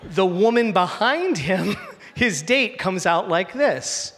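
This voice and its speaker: A man telling a true personal story on stage before a live audience, animated and slowing down for punchlines. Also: high voice, slight background noise. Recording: hall reverb, faint ambience.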